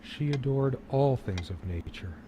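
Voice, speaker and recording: A man voicing a brooding middle-aged husband who recalls his wife in a wistful, slow inner monologue, from a game. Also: medium pitch, animated, noisy background, close to an everyday voice. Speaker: game protagonist narrator. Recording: game audio with loud music.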